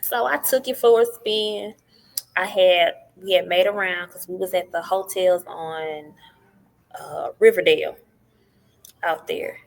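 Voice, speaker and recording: A woman's voice: on the low side, unhurried, creaky. A middle-aged woman, a podcast guest telling her story in casual talk and acting out what others said. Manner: animated, acts out what others said.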